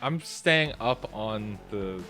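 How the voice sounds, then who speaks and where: A man playing in a tabletop game, laid-back and deadpan. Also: fairly low pitch, slow, soft background music. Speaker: player.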